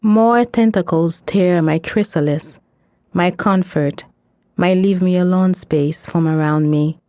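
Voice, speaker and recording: A woman reading first-person fiction aloud in a measured, intense storytelling manner on a close studio mic. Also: on the low side, mellow, no room sound. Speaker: story narrator.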